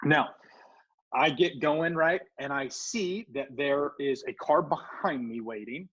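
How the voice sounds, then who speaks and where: A man's voice: on the high side, slow pace, slightly rough, muffled recording. A man co-hosting a podcast, telling a story in casual chat and acting out the people in it. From Southern California. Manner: animated storyteller, acts out quoted voices. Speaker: podcast co-host.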